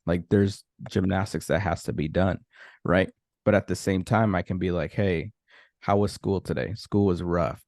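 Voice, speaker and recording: A man hosts a podcast in a relaxed, easygoing manner and often stops to say "you know." His voice sits on the low side. The recording is dry, with no room echo. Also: normal speed. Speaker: podcast host. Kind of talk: casual conversation.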